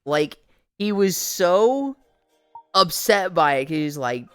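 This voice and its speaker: A woman streamer chatting casually while walking on a treadmill, telling animated, profane stories and sounding tired. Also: fairly low pitch, slow pace, smooth, dry recording, studio quality, faint music behind.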